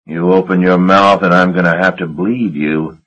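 A menacing henchman threatens in a flat, quiet drawl, as a male narrator puts him on. The voice is low, husky and slow. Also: lo-fi sound. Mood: threatening.

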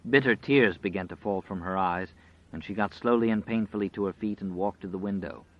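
A man narrating an audiobook in a dramatic, measured storytelling style. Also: on the low side. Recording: dry, slightly dull audio.

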